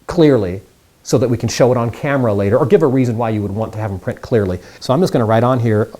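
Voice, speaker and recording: A man's voice: medium pitch, fast, dark tone, a little hiss or hum. A man teaching mind reading magic tricks in a casual, upbeat tutorial, chatting straight to the viewers.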